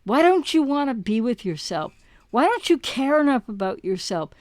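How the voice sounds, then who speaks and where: Speaking in a sing-song voice on the high side, this woman coaches her listeners at a normal pace with a slightly mellow tone. She's a relationship recovery coach giving a passionate direct-to-camera talk full of rhetorical questions and repeated words, captured in studio quality with no room sound.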